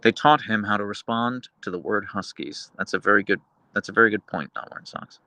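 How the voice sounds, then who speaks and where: Speaking briskly in a fairly low, pushed and bright voice with no room sound, this man hosts a live stream and reads chat. His rambling is casual and filler-heavy, broken at times by baby talk to his dogs.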